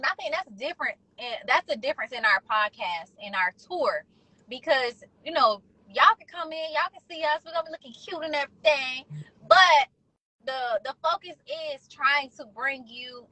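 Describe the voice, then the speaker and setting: A woman co-hosting a podcast live stream, talking casually in an animated, slangy, persuasive way. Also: sits high, normal speed, no room sound, rough recording. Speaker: podcast co-host.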